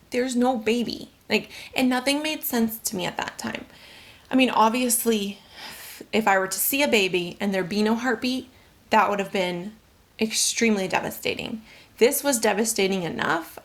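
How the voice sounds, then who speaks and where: A young adult woman vlogger telling a personal story to camera, candid and emotional, rambling with fillers. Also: mid-range voice.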